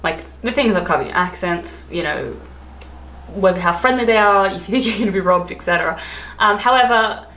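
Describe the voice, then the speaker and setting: A woman's voice: mid-range voice, a little fast, a bit bright. A woman with an Australian accent, chatting casually to camera, rambling and often laughing. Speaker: travel vlogger. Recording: echoey room, faint ambience.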